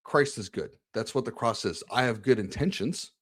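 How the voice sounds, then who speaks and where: A podcast host in an interview discusses his faith earnestly, his mid-range voice fairly bright with a breathy edge, at normal speed. The conversation is candid and personal, and he often restarts and repeats words while searching for them.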